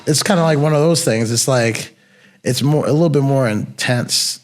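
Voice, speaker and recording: A man's voice: medium pitch, moderate pace, slight background noise. A young man co-hosting a podcast, telling laid-back, slangy stories from his security work. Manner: laid-back, slangy storytelling with bursts of laughter. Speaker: podcast co-host, former bouncer. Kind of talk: casual storytelling chat.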